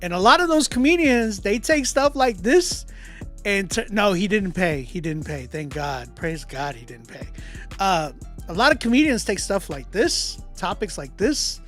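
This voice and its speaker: A man's voice: sits high, very animated, measured pace, fairly bright tone. A man hosting a live music critique stream, talking in a loose, slangy way with frequent laughs and restarts. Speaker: livestream music critique host. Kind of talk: casual live-stream chat.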